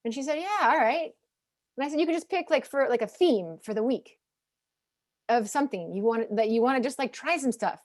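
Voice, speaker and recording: A woman in her forties moderating a panel over a video call, chatty and quick to laugh while telling family stories. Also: fairly high pitch, lively intonation, a little mellow, dry recording, clean studio sound. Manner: chatty, laughs easily, plays out family dialogue. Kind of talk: casual panel talk.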